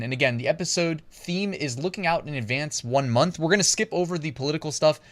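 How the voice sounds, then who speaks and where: A man hosting an online business channel, talking through screen research in a chatty way, laughing at himself and thinking aloud. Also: on the high side. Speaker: host.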